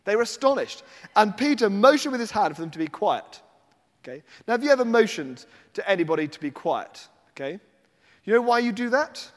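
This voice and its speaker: Lively high-voiced male preacher. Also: a little fast, big-room sound. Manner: animated storytelling with acted voices. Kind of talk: sermon.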